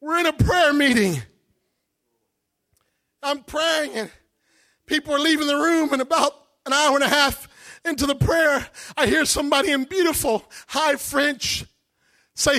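Male preacher, very high and bright-toned, impassioned sermon storyteller. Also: measured pace, long pauses. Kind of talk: sermon testimony.

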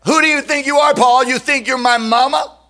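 A man's voice: high-pitched, sing-song, slow pace, sharp tone, heavily acted. A preacher mimicking an outraged churchgoer man. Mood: indignant. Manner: huffy, incredulous, mocking questions. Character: indignant offended modern churchgoer man.

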